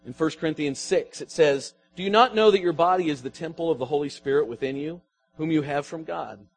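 A pastor preaches to his congregation in a fairly high male voice. He lets his emphasis rise and sink and tosses questions to the listeners. Faint music plays underneath. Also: brisk, husky. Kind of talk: sermon.

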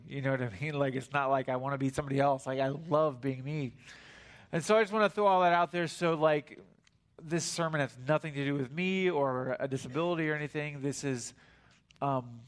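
A man in his thirties preaches to a church congregation in a loose, conversational way. His pitch sits in a plain middle range, and he rambles with fillers and quick asides to the listeners. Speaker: guest preacher. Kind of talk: conversational sermon. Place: church sanctuary.

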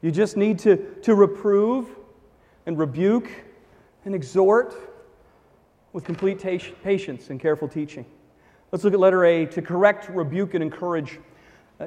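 Emphatic high-voiced male pastor preaching. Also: darkish tone. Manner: emphatic, repeats key phrases for effect. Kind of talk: sermon. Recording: long reverb of a large hall.

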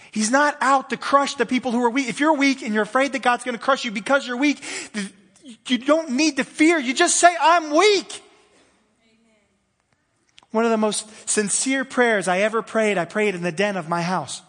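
A man with a high voice preaches a sermon, talking conversationally and swinging between fervent bursts and quiet, hushed stretches. His voice rings out in a hall with a long reverb. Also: moderate pace. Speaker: pastor.

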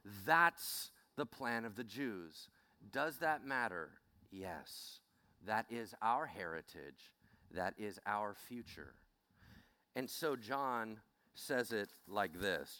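A man preaching a sermon as a pastor, telling the story in an animated, conversational way and calling out questions to the congregation. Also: on the low side, takes it slowly, no echo.

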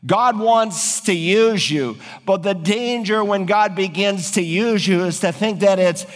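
A man's voice: high voice, measured pace, big-room sound. A man preaching an earnest, emphatic sermon, acting out biblical quotes with dramatic feeling. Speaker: pastor.

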